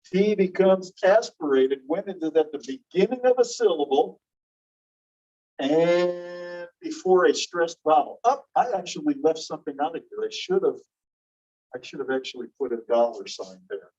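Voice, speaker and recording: A man teaching a linguistics class, explaining slowly and repeating key phrases while checking that students follow. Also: a little high, expressive, dark tone. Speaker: linguistics instructor. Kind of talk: classroom lecture. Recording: muffled distant classroom recording.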